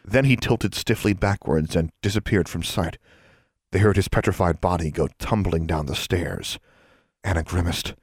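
A man narrating an audiobook in an even, measured storytelling manner. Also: deep voice, slightly rough, no echo, clean studio sound.

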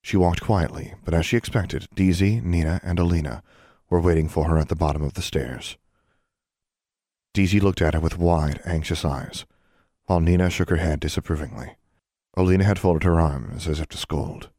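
Male audiobook narrator, deep voice, steady measured reading, dry booth sound. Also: dry recording. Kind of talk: scripted storybook narration.

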